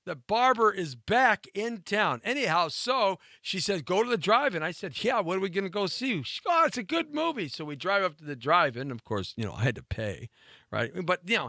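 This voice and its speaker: A man in his fifties, a show host, telling a rambling story with animated delivery and laughing asides. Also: a little high, no echo, studio quality. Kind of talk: storytelling monologue.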